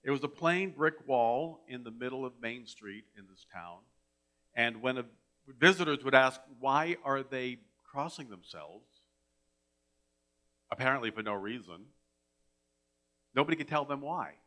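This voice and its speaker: A man's voice: mid-range voice, expressive, moderate pace, pushed and bright. A man giving a folksy storytelling sermon as minister, with a dry sense of humour. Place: church sanctuary.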